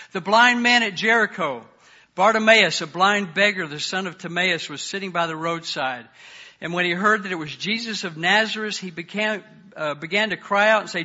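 Male pastor, earnest sermon delivery, bright and piercing tone, soft on the prayers. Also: sits high, moderate pace, muffled recording. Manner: earnest, varies loudness, drops soft on prayers. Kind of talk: sermon with scripture reading.

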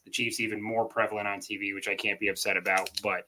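Man, podcast co-host: bright, forward tone, phlegmy, rambling casual football chat. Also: lowish voice, little pitch movement, fast talker. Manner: rambling, restarts and fillers, stat-heavy. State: coughing, throat-clearing, phlegmy. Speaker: co-host, Chiefs fan.

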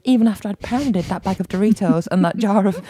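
A woman's voice: medium pitch, fast, dark tone, breathy edge, no echo. A woman co-hosting a food podcast, chatting casually in a wry, teasing way with plenty of fillers. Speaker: podcast co-host. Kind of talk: casual chat.

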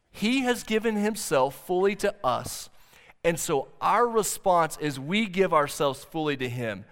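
A man preaches earnestly from the pulpit, his voice sitting a little high for a man. He leans on key phrases by slowing right down. The sound trails off into the long reverb of a large hall. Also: fairly bright tone. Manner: earnest preaching, slows for emphasis. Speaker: pastor. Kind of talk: sermon.

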